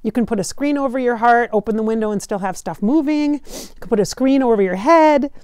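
A woman from Minnesota talking casually as a channeler, relaying messages in quotes, chatty, and slowing down for emphasis. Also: on the high side, darkish tone, clean tone, dry recording, clean studio sound. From Minnesota, United States. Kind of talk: casual spiritual channeling talk.

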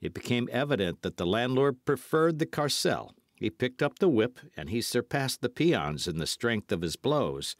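A man narrating an audiobook with lively, dramatic storytelling. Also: medium pitch, normal speed, hardly any pauses, dry recording, studio quality. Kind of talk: scripted narration.

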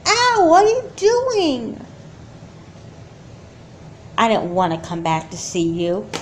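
A woman voicing a frightened young girl who cries out in high, strained yelps. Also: fairly even intonation, moderate pace, a little mellow, a little hiss or hum, lightly acted. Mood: pained.

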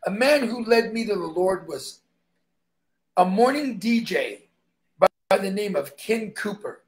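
A man's voice: high-pitched, lively intonation, unhurried. A man who is a stuntman, guesting on an interview and telling emphatic stories in which he acts out the dialogue.

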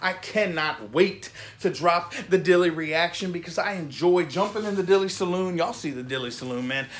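Male vlog host from Florida, high-pitched, excitable and rambling, full of "man" and "you know". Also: moderate pace. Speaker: music reaction vlog host. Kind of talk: casual enthusiastic commentary.

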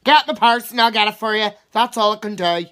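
A woman's voice: mid-range voice, a little fast, fairly bright tone. A woman with an Irish accent playing an angry, sweary mother in a comedy sketch. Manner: sweary, scolding.

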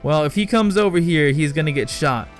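A man's voice: on the high side, animated, brisk, faint music behind. Exasperated young man scolding his game. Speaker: let's play gamer. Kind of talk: casual gameplay commentary.

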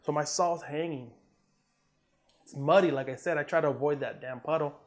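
A casual interview features an Army combat veteran from Southern California recounting a war story. His voice is a little high and his pace moderate; he's relaxed and profane, acts out the quotes, and fills his speech with "man" and "you know."

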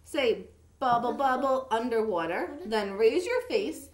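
Woman playing a patient storybook mother frog, coaxing, instructive, lively pitch, roomy echo. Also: measured pace. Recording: echoey room.

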